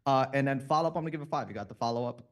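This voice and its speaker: A man talks quickly and easily on a video call, scoring a sales call with casual feedback. His pitch is mid-range for a man. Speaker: judge in a sales competition.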